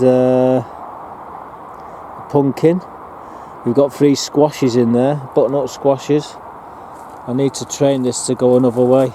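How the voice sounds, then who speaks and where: Bloke rambling on a garden tour, deep mellow tone, bit of outdoor town noise. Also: male voice. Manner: chatty, rambling, with fillers and restarts. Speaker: allotment gardener giving a plot tour. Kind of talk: casual walking tour narration.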